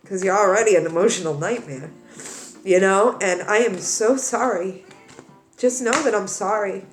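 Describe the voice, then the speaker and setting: A woman's voice: mid-range voice, normal speed, echoey room, faint music behind. A woman tarot reader talking earnestly to her viewers, crying as she comforts them, with many repeats and restarts. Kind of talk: emotional direct-to-camera talk.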